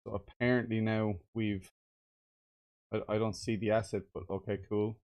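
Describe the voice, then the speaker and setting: A man's voice: lowish voice, level tone, moderate pace, muffled recording. A man streaming game development, swearing and muttering in frustration as he follows a tutorial. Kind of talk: casual game dev livestream.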